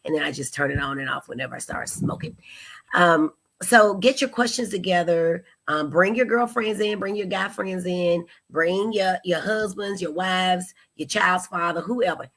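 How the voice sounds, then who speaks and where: Lively chatty woman host with a husky voice. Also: lowish voice, normal speed. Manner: animated, chatty, greeting viewers. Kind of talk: live-stream talk show. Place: studio.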